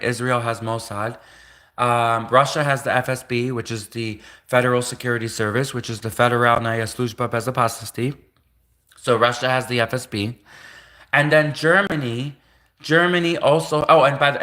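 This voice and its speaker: A man's voice: medium pitch, sharp tone. A man from Canada talking on a solo livestream, rambling between topics and laughing at his own jokes. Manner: digressive, laughs at own jokes, mock-quotes imagined critics. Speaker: livestream host.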